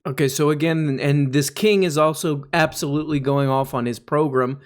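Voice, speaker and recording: A man's voice: steady tone, normal speed. Sarcastic man rambling through satirical commentary. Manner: sarcastic, rambling, with shrill mock outbursts. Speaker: comedy commentary host.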